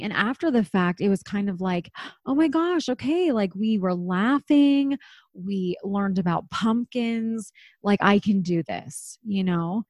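A woman in her thirties with a medium-pitched, darkish voice hosts a podcast, chatting candidly and swearing now and then, on a dry recording.

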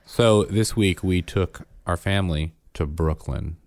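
A man in his thirties co-hosting a casual chat, telling family stories with lively acted-out lines. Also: deep voice, a little slow, dry recording, studio quality. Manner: animated storyteller, acts out his kids' lines. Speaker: podcast co-host.

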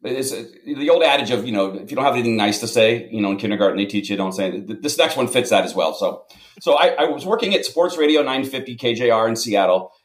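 A man telling self-deprecating anecdotes in a casual, lively way as a guest. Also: mid-range voice, quick pace. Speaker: guest storyteller. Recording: roomy echo.

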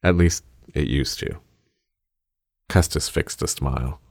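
A man narrating a fiction story in a measured, steady reading. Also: extremely low pitch, creaky, breathy edge, no echo, studio quality.

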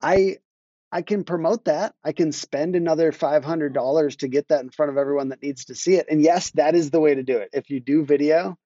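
Here the guest is a man who runs a marketing agency, chatting on a marketing podcast with a warm, slightly high voice, fairly even intonation and a somewhat fast delivery. His storytelling wanders, breaks off and starts over, punctuated by laughter. There's no echo, though the recording sounds muffled.

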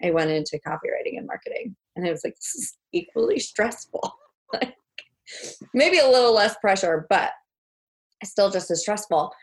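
A young woman guest telling stories about her life in a casual chat. She talks freely, with plenty of fillers and laughter, at a middling pitch. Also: expressive, normal speed. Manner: chatty storyteller, many fillers, laughs. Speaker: guest, homemaking mentor.

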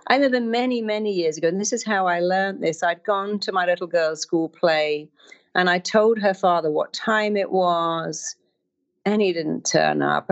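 A middle-aged woman giving an emphatic motivational talk, acting out inner voices as she explains. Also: lo-fi sound. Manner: emphatic, acts out inner voices with wide pitch swings.

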